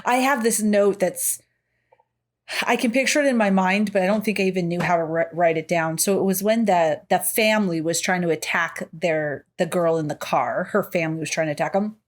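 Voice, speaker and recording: A woman's voice: fairly low pitch, fairly quick. A woman co-hosting a casual podcast, reviewing a horror film, laughing often and acting out lines she liked. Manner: giggly, quotes lines in animated voices. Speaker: podcast co-host. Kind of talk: casual movie review chat.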